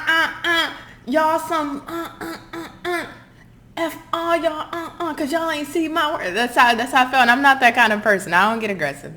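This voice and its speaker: A woman's voice: medium pitch, pushed and bright. Passionate woman giving a tarot reading. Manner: passionate, emphatic, swears and apologizes; acts out quoted people in mocking voices. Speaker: tarot reader. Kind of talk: channeled pick-a-card tarot reading.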